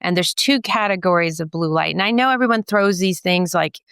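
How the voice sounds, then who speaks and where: A woman with a low, smooth, resonant voice explains eye health like a teacher who enjoys a joke. Her talk is playful and explanatory, with quick asides and puns. The sound is dry and close. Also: a bit bright, no echo. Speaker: optometrist and professor giving a guest lecture.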